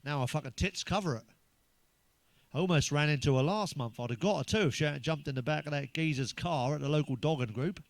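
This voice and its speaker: An English man doing a stand-up routine of crude, blunt one-liners, full of swearing, who pitches up when he quotes other people. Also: a little fast, no echo. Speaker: stand-up comedian.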